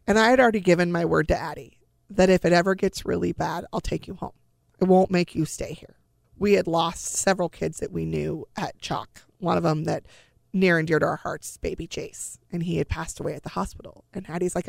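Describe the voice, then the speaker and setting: Gravelly-voiced mother telling her story. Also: on the low side, steady tone, brisk, no room sound, studio quality. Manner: earnest, restarts under strong emotion. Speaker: interview guest, bereaved mother. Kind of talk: emotional personal storytelling.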